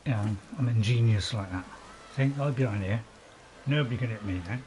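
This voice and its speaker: Poor audio with faint hiss or hum captures a British man's fairly low, darkish voice, moving a little fast. He's hosting a gameplay video, joking at his own expense and laughing as he plays, while a dog barks nearby.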